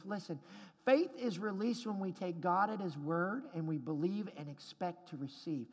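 A man preaching with a very high voice, pressing his points hard and climbing to shouts. His words ring out in a large hall with a long, trailing reverb. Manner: emphatic preaching, rising to shouts at climaxes. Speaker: pastor. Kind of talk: sermon.

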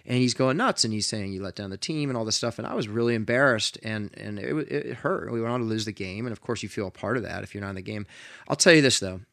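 Earnest man, low voice, dry sound. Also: fast, gravelly, no echo. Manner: earnest, animated storyteller with frequent restarts. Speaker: podcast host. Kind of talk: casual interview storytelling.

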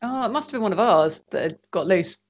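A woman's voice: mid-range voice, expressive, brisk. A woman co-hosting a podcast over a video call, tossing in joking asides and wordplay. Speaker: podcast co-host. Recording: dull lo-fi call audio.

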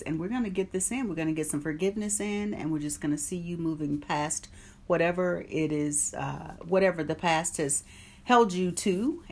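A deep female voice with a breathy edge leads an online meditation group. Chatting casually on the live stream, she greets viewers by name and gives an oracle card reading.

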